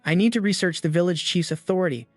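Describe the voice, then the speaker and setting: Dude doing a smug young hero, flat confident lines, kinda high, faint music behind. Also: male voice, quick pace, no room sound. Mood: determined. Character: cocky young male hero, cold and determined.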